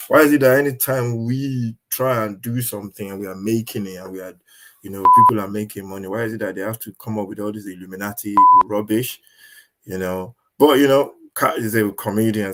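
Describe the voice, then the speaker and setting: A man's voice: lowish voice, a bit bright. A man hosting a reaction channel, commenting casually on a clip in a rambling, hesitant way full of fillers.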